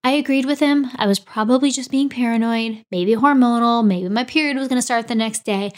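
Speaking a little fast with a fairly high pitch, a woman in her forties shares a personal story on her podcast. She's animated throughout, performing the dialogue with lots of energy.

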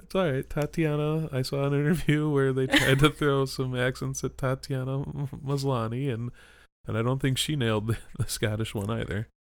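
A man's voice: mid-range voice, level tone, normal speed, clear, resonant tone, no echo. A man co-hosting a podcast, chatting casually with short, dry interjections. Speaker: podcast co-host. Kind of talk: casual chat.

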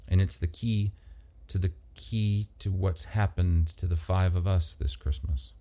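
A man voicing a plain-spoken, steady middle-aged woman who talks deliberately with little emotion. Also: low-pitched. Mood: resolute.

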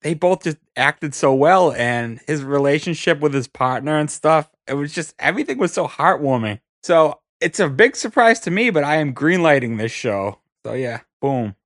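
A man co-hosting a podcast, chatting in a casual, animated way. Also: a little high, moderate pace, hardly any pauses, no echo, clean studio sound. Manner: animated, laughing. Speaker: podcast co-host. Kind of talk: casual chat.

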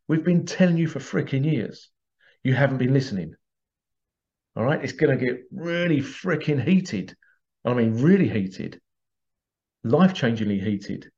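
The dull lo-fi audio captures a British podcast host with a medium-pitched, darkish voice as he works through an agitated monologue thick with rhetorical questions.

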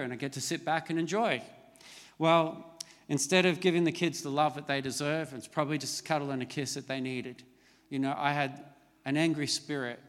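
A man's voice: a little high, a bit bright, big-room sound. A middle-aged man preaching a sermon as a pastor, conversational and storytelling, with self-mocking asides. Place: large church hall.

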